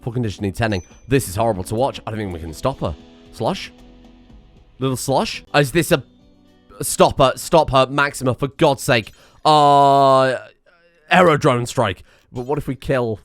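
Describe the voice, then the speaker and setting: A man giving excitable let's play commentary on a strategy game, muttering one moment and shouting the next. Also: mid-range voice, normal speed, soft background music. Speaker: gameplay commentator.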